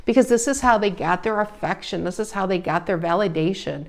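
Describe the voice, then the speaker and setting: A woman giving a casual tarot reading, emphatic and animated, her voice rising loud and dropping soft. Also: medium pitch, brisk. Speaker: tarot reader.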